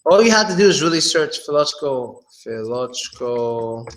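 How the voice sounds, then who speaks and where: On a live stream, a man with a medium-pitched voice teaches English pronunciation, relaxed and thinking aloud as he slowly repeats each word.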